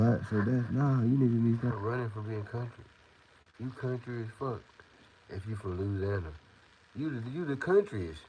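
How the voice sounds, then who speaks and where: A man's voice: mid-range voice, dark tone, breathy edge. A man from the Southern United States with a Southern accent, ranting casually and profanely, rambling and repeating himself. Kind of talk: casual rant. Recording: dull lo-fi audio with faint noise.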